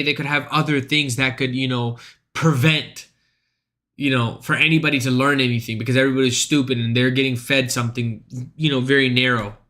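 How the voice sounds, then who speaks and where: A man's voice: mid-range voice, sharp tone. A young man streaming, reacting to clips in casual, profane, slangy commentary. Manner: slangy, talks over clips, says bro a lot.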